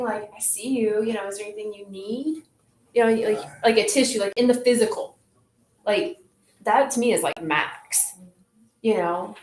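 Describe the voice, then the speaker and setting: A woman leading a group in a relaxed, reflective way, often saying "like". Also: a little high. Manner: relaxed, reflective, says "like" a lot. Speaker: group facilitator. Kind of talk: casual wellness group talk. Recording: echoey room, faint noise.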